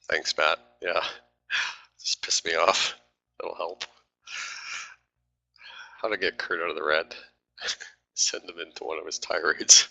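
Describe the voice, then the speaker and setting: A man's voice: low voice, little pitch movement, takes it slowly, gravelly, long pauses, bright, forceful tone. A man talking through live trades on a stream, grumbling and swearing at his trading platform.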